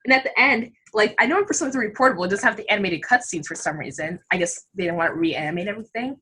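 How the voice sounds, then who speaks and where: A young woman in casual chat with friends, excitable and rambling, with many fillers. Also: medium pitch, rapid-fire, slightly rough.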